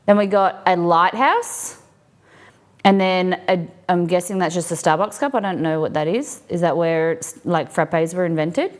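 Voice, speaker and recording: A woman with a lowish voice speaks a little slowly while streaming live, looking over a collection in a casual unboxing chat with viewers. She's curious, asking lots of questions and letting out excited exclamations.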